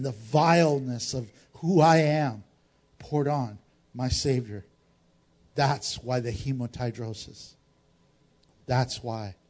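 A male pastor preaching a sermon dramatically, swinging between raised exclamations and hushed low tones and putting rhetorical questions to the congregation.

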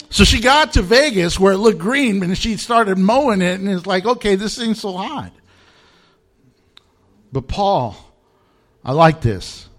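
Man, pastor, sermon, high voice, very lively pitch, chuckling, emphatic. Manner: animated, chuckles often, emphatic repetition.

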